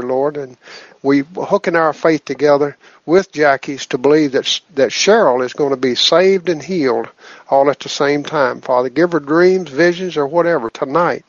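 A man leads prayer over a phone conference line, his voice a little higher than most men's. He speaks earnestly and keeps returning to "Lord" between phrases. The sound is dull and lo-fi, and dry, with no room echo. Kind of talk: leading spoken prayer on a conference call. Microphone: phone on a conference call.

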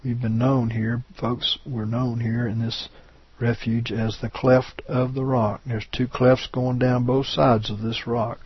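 A man's voice: mid-range voice, flat delivery, a little slow, breathy edge, no echo. A man preaching a sermon, reading scripture verses with rising emphasis and often asking the listeners "right?". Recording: dull lo-fi recording.

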